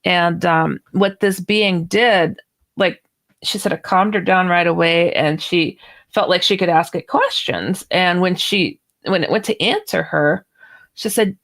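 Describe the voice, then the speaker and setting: Speaking unhurriedly in a fairly low voice, this author shares a personal story as a radio interview guest. She's an animated storyteller, performing the dialogue as she quotes it.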